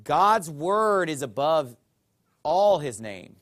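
Animated high-voiced male preacher. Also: slow. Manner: emphatic preaching with rhetorical questions. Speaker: pastor. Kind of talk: sermon.

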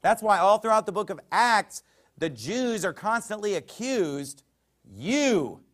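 A man preaching a sermon, emphatic, with sharp swings in loudness and scripture quoted in old-fashioned wording. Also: sits high, expressive, a little slow. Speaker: pastor.

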